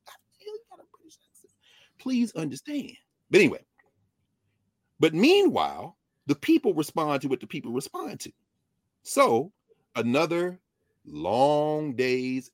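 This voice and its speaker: A man talking in an animated, digressive way in a conversation, often jumping up and down in pitch. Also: no echo, studio quality. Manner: lively, digressive, quick shifts between high and low pitch. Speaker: guest.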